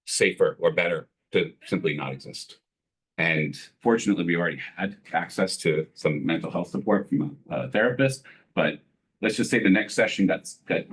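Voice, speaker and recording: A man speaking as a parent at a school board committee meeting, earnest and halting, with many fillers and restarts. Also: sits low. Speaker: parent giving public comment. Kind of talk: emotional public comment at a meeting.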